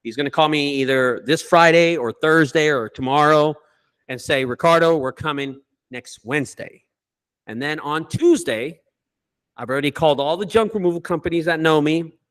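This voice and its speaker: A man who owns a junk removal business, telling stories in a casual group call with lots of swearing and animated delivery. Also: fairly high pitch, moderate pace, clean tone. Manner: profane, animated storyteller.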